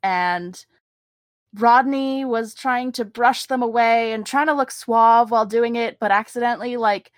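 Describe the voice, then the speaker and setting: A woman playing a tabletop game, telling her character's backstory in a slow, laid-back way. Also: fairly high pitch, no room sound. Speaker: player. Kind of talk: tabletop role-play.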